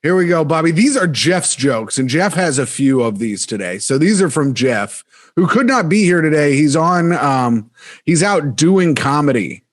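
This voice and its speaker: A man's voice: fairly high pitch, lively intonation. A man co-hosting a comedy podcast, chatting casually, laughing often and stumbling through read-out jokes. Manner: joking, laughs often, reads jokes haltingly. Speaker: podcast co-host.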